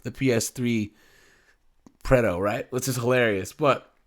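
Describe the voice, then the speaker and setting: A man's voice: mid-range voice, measured pace. Rambling male true-crime commentator. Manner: rambling, loose, full of fillers. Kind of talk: casual commentary.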